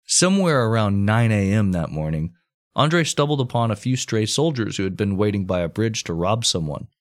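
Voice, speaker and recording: Man, lowish voice, podcast co-host, casual history storytelling, crude offhand asides. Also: expressive, normal speed. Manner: reads the account aloud, then breaks into crude offhand jokes.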